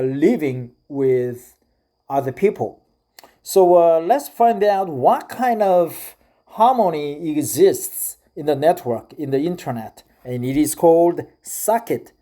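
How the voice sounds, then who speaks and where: A middle-aged Korean-accented man talks through a casual vlog monologue in careful, unhurried English. His tone is mellow and dark, and he stops often to fill pauses while searching for words. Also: fairly high pitch. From South Korea. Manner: hesitant, with frequent filler pauses. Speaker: vlogger.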